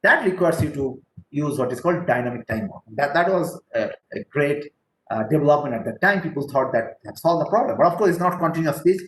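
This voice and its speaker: A man's voice: fairly high pitch, expressive, a little fast, a little hiss or hum. Man lecturing with a roomy echo. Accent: Indian English. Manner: explanatory, checks in often with "right?". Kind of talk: technical lecture. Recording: roomy echo with faint ambience.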